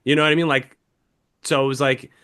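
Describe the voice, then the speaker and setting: A man's voice: medium pitch, level tone, a little fast, sharp tone, clean tone. A young man, a podcast co-host, telling an emotional story in casual chat, swearing heavily as he talks.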